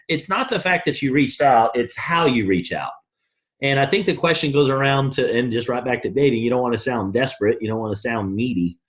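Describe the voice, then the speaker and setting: A man from the US East Coast leading a team call, blunt and emphatic, coaching in a casual, forceful way. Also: medium pitch. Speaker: network marketing team leader. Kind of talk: motivational call talk.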